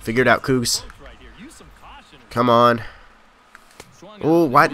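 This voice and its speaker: Young guy yelling at a baseball video game, hyped then annoyed, medium voice, faint game music behind. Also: mid-range voice, a little slow, long pauses. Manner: excitable, yelling at the game, frustrated outbursts. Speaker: gaming YouTuber. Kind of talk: live gameplay commentary.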